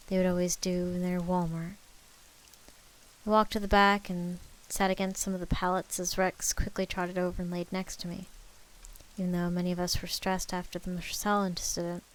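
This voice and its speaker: A woman's voice: on the low side, rough recording. A woman reading a spooky story aloud on a live stream, narrating in the first person and sometimes stepping out of it to joke about her own character accents.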